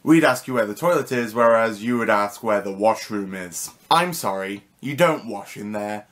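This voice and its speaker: A man's voice: lowish voice, expressive, normal speed, few pauses, fairly bright tone. A young man with a British accent hosts a comedic vlog lesson. His voice swoops up and down, and he sounds cheeky and mock-indignant. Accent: British English. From United Kingdom. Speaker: vlogger.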